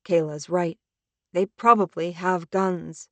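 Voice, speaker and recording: A woman narrating a suspenseful first-person audiobook in a tense, measured reading. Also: lowish voice, steady tone, dry recording.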